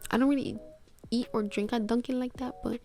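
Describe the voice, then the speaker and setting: A woman's voice: a little high, fairly even intonation, fairly quick, darkish tone, soft background music. A woman hosting a reaction video, talking casually and sounding exasperated, often repeating herself. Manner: chatty, exasperated, stammers and repeats.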